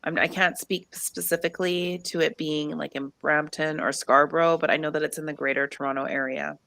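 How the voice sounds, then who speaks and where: A woman hosting a livestream in a casual, chatty way, greeting viewers and reading out contact numbers slowly. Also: low-pitched, steady tone, creaky, a bit bright, dry recording. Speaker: livestream host. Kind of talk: casual chat.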